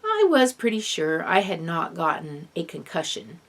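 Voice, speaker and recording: A woman reading a first-person children's novel aloud in an expressive storybook narration. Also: fairly low pitch, normal speed, few pauses. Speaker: audiobook reader.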